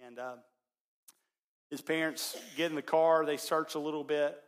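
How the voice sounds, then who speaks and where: A man preaching as a pastor, telling a story in his sermon and swinging between loud, excited passages and hushed ones. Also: fairly high pitch, normal speed.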